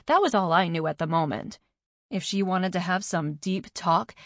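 A woman narrating a first-person novel, voicing the dialogue with lively changes. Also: mid-range voice, no room sound, clean studio sound. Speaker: audiobook narrator.

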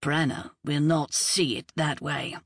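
A woman voicing a calm, protective man who speaks in a measured, serious way. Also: sits low, slightly rough, dry recording, studio quality, exaggerated voice.

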